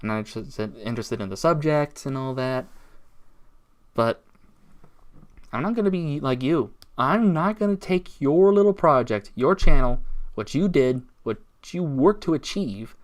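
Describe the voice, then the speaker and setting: A man's voice: medium pitch, lively intonation, a little slow. A man ranting in a casual vlog, aggrieved and sarcastic, taunting his target. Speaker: YouTuber.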